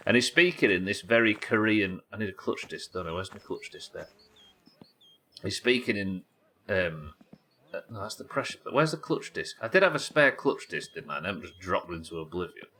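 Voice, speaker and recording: A man's voice: sits low, animated, moderate pace, bright, forceful tone. A man chatting casually while streaming a game, rambling and talking to his viewers. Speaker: live streamer. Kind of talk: casual gaming commentary.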